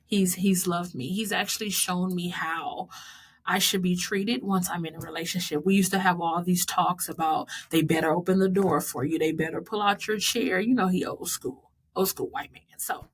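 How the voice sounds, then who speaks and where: An American woman in her thirties recaps her marathon in a casual, warm way, laughing often as she dedicates each mile to someone she loves. Her voice is fairly low with a breathy edge, and she keeps a moderate pace and fairly even intonation.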